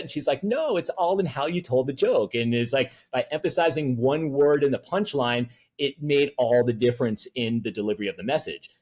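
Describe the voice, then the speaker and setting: A man speaking as a guest in an interview, telling stories in a rambling way with many fillers. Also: lowish voice. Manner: rambling, filler-heavy storytelling. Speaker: talent producer and voice actor guest. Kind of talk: conversational interview.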